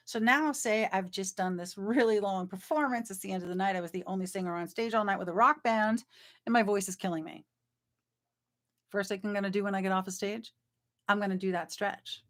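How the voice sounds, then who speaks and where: A woman's voice: mid-range voice, a little fast, fairly bright tone. A woman vocal coach teaching a live online singing class in a chatty, encouraging way, breaking off to sing short demonstration sounds.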